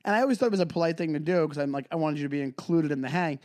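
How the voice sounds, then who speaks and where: A man's voice: on the high side, rapid-fire, darkish tone. A man in his forties co-hosting a podcast, talking in a rambling, self-deprecating way. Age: 40s. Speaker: podcast co-host. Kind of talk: casual chat.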